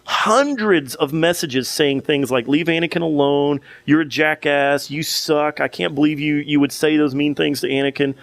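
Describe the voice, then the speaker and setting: A man's voice: fairly high pitch, moderate pace, hardly any pauses, no echo. A young man co-hosting a podcast, telling a long story in casual chat with many restarts and fillers. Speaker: podcast co-host.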